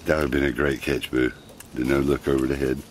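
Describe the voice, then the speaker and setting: Low-voiced man coaxing pet monkeys. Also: little pitch movement, quick pace, a little hiss or hum. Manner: doting, coaxing, talks to the animals, chuckles often. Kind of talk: casual narration to camera. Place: outdoors at a picnic.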